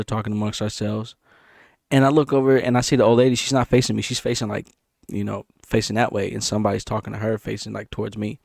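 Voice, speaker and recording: A man casually telling a story about a dream, animated and repetitive, punctuating it with sound effects. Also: vocal fry, no echo, studio quality. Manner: animated, repeats himself, sound effects like boom. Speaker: vlogger.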